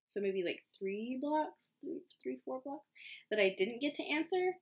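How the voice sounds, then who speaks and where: A medical student in her twenties tells a casual story on camera, chatty and full of fillers, with self-mocking remarks and plenty of laughs. Her high, husky voice is expressive and a little slow, captured by a camera mic in a home recording.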